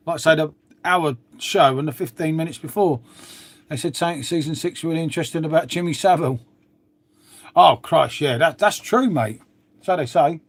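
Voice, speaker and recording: A middle-aged man chatting casually to viewers on a live stream, swearing freely and trailing off into asides. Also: a little high. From England. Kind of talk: rambling casual chat to viewers.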